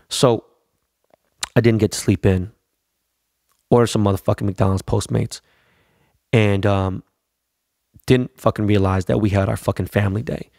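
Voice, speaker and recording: A man's voice: on the low side, fairly even intonation, normal speed, vocal fry, long pauses, mellow, dry recording, clean studio sound. A middle-aged man hosting a podcast, rambling through a casual, profane and hyped monologue. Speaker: podcast host.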